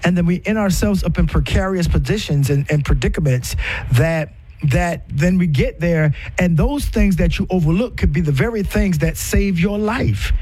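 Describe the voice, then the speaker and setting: A man's voice: high-pitched, lively intonation, normal speed, a little mellow. A middle-aged man giving relationship advice in an impassioned, preaching style, repeating himself for emphasis and asking rhetorical questions.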